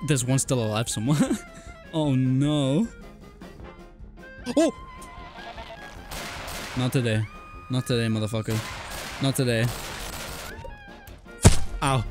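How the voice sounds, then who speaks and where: A man giving excitable live commentary while playing a VR shooter, yelping and swearing when he gets hit, ending up out of breath, with game music and gunfire behind him. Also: mid-range voice, unhurried, long pauses. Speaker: gaming YouTuber.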